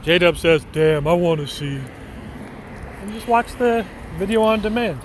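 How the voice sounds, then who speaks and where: This IRL livestreamer has a high, animated voice and talks a little slowly. He's out on a city street at night, joking and rambling through replies to viewers' messages and laughing often, while faint traffic and street sounds carry in the background.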